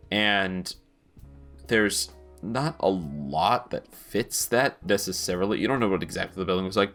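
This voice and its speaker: A man runs a tabletop game as game master, explaining options and rules patiently and at length. His voice sits low. Faint background music plays under him. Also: fairly bright tone.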